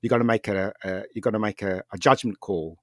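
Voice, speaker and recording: A man with a low, deep voice talks in a casual podcast chat. He tells a rambling personal story with animation and laughs often. The sound is dry and close, with no room echo. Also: a little fast, a bit bright. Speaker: podcast guest, filmmaker.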